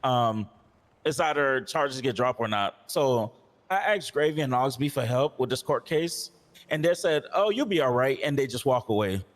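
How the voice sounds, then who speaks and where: A man's voice: medium pitch, expressive, normal speed, long reverb tail. A man playing a police officer in a role-play game, frustrated and recounting past conversations in detail. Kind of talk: in-character role-play complaint.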